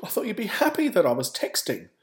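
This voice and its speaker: Casting: chirpy, innocent middle-aged mum, high and breezy , as a man puts her on. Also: wildly swooping pitch, fast, a little mellow. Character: matter-of-fact middle-aged mother, cheerful and chatty.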